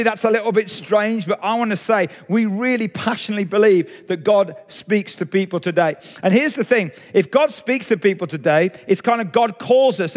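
A man's voice: high-pitched, big-room sound. A man preaching a sermon in a chatty way, talking straight to his church and an online audience. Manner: conversational, audience-engaging preaching. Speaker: pastor. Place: church hall, streamed online.

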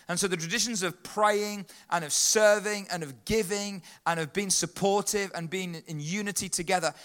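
A man leading a lively church talk, calling out to the congregation and getting them to answer back. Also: high-pitched. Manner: upbeat, leads the congregation in call-and-response. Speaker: children's worker leading a church service.

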